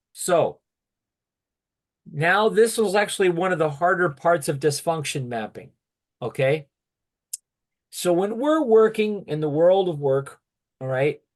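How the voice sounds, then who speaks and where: Man leading an online workshop on a video call; unhurried, a touch high-pitched, steady, fills with "okay". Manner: steady, peppers speech with "okay". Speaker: workshop facilitator.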